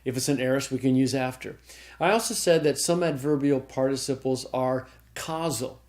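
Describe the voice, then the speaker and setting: A man's voice: medium pitch, moderate pace, darkish tone. A man teaching a Greek grammar class, explaining step by step and checking in with his students. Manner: explanatory, checks in with "okay?", frequent restarts. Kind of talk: recorded classroom lecture.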